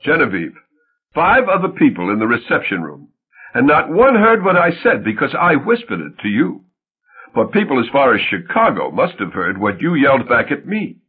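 A scornful young wife who is walking out, her voice husky and climbing high when she mocks, as a male audiobook reader puts her on. The sound is thin and tinny, with a lively swinging pitch. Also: normal speed. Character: sharp young woman, wife leaving her husband.

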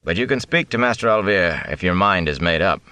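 A man reading an audiobook, voicing a stern, firm middle-aged farmer father who speaks in a measured way. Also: low-pitched, lively intonation, bright, forceful tone, clean tone, no room sound. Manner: measured, deliberate, brooks no argument. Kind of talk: audiobook character voice.

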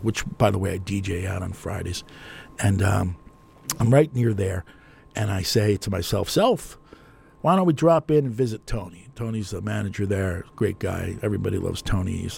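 A man's voice: on the low side, creaky, a little mellow, husky. An older man with a New Jersey accent, telling a long, digressive story in a chatty, self-mocking way as a radio host. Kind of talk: rambling storytelling monologue.

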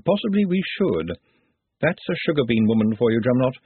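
A man voicing a calm, dry-witted male city ruler who speaks in a measured, wry way. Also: mid-range voice, breathy edge, dry recording. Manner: measured, wry, drily amused. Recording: dry, phone-like narrow sound.

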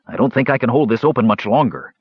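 A man voicing a strong, cautious male warrior, low and urgent, in a dull lo-fi audiobook recording. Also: quick pace, breathy edge, no echo, natural voice. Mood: tense.

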